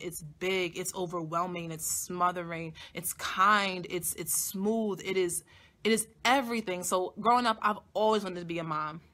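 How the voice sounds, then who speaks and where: Blunt, animated young woman telling a story. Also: on the low side. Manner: blunt, profane, animated, talks straight to the audience. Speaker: vlogger. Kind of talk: casual storytelling to camera.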